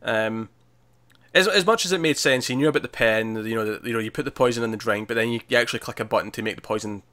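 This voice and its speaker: A man's voice: medium pitch, fast, pushed and bright. A man co-hosting a casual movie discussion, chatty, laughing often and restarting his sentences. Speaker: podcast co-host.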